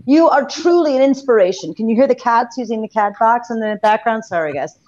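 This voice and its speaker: Brief: woman, slightly high, wry humor, dull lo-fi call audio. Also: lively intonation, brisk, a little mellow. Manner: wry, self-deprecating. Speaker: guest actress. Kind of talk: casual chat over video call. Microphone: video call.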